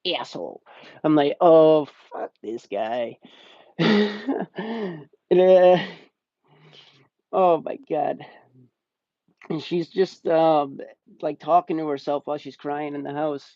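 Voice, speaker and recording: A man's voice: on the high side, steady tone, measured pace, long pauses, dark tone, dry recording. A young man casually reviewing a movie on a live stream, rambling and swearing, often laughing. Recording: slightly muffled dry stream audio.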